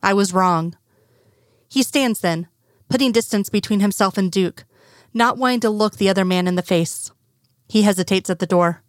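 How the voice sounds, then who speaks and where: A woman narrating a fan fiction story in a steady, even storytelling manner. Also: mid-range voice, moderate pace, no echo, clean studio sound. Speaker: audiobook narrator.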